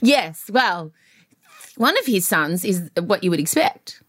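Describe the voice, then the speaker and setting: A woman co-hosting a casual pop culture chat, gossipy and excitable, laughing often. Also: fairly low pitch, takes it slowly. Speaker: podcast co-host.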